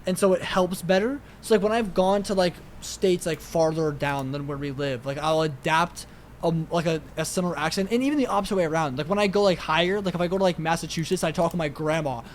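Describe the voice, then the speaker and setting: A man's voice: on the high side, fast, slight background noise. A young man with a New York accent, chatting casually as a podcast co-host, rambling and swearing with lots of filler words. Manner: rambling, profane, heavy use of "like".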